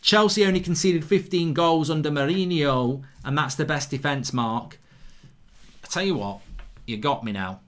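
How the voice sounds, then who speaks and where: This watchalong host has a voice on the high side and keeps a moderate pace. He runs a live football stream, narrating play, celebrating goals, and chatting casually as he reads out viewers' comments.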